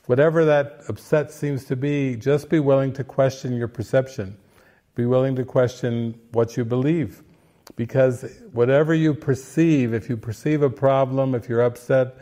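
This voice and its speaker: Guy talking through a movie as a spiritual teacher, earnest and playful, mid pitch. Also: mellow. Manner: earnest, playful, acts out quotes in little voices. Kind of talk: casual spiritual talk.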